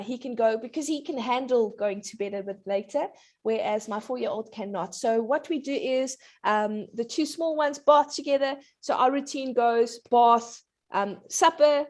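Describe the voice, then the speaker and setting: A woman in her thirties talks as a guest parenting coach. She chats in a loose, friendly way, full of ums, and laughs easily. Her voice sits a little high. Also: a little mellow. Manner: chatty, many fillers, laughs easily. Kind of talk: casual explanatory chat.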